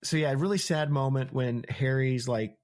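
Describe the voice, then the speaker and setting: A young American man hosts a podcast of casual book-discussion chat, retelling chapters loosely. He laughs often and paraphrases scenes in slangy voices, speaking in a mid-range voice at a normal speed.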